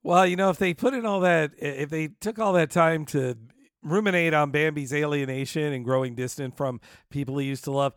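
A man's voice: on the high side, brisk, no echo, clean studio sound. A man co-hosting a podcast, reacting to the story and joking in casual chat. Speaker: podcast co-host.

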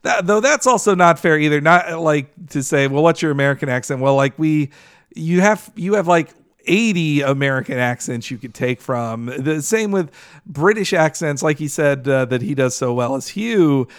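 A man's voice: a little high, expressive, moderate pace, clean tone, no echo, clean studio sound. A man co-hosting a podcast in casual chat, heated and ranting, swearing freely. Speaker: podcast co-host.

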